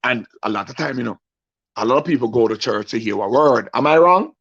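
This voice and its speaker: A young male comedian tells a stand-up story, animatedly acting out the voices of its characters and often asking the audience questions. He speaks a little fast at medium pitch with a breathy edge, captured on a muffled lo-fi recording.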